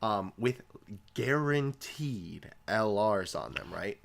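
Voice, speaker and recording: A man's voice: fairly low pitch, animated, slow pace, vocal fry, a bit bright. A young man co-hosting a casual gaming podcast, laughing often and trailing off with fillers. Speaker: podcast co-host.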